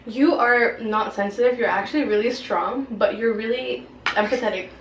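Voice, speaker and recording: A woman's voice: fairly high pitch, moderate pace, dull audio. A young woman hosting a casual chat over a meal, giggly and eating as she reads out questions. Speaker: host. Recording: echoey room with background noise.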